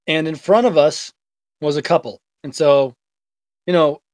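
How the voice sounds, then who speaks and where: Man, Boston accent, slightly high voice, dry close sound, casual storyteller. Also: a little slow, darkish tone, no echo. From Revere, Massachusetts. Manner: swears freely, tells stories. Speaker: podcast co-host. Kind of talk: casual chat.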